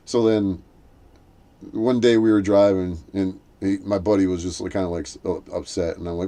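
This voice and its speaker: A man's voice: steady tone, brisk, dark tone. A man in casual chat, telling a rambling story with many restarts and acting out quoted voices. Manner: acts out quoted voices in a raised pitch.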